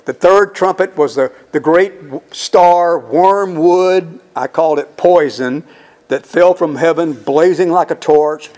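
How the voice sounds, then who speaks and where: A man's voice: a little high, unhurried, darkish tone. A man teaching the Bible verse by verse in an emphatic, conversational way, often putting questions to his listeners.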